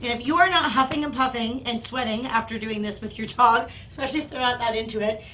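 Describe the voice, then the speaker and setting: A woman dog trainer explaining and demonstrating toys, breaking into excited praise for her dog. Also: fast talker, slight background noise. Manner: upbeat, bursts into high excited praise for the dog.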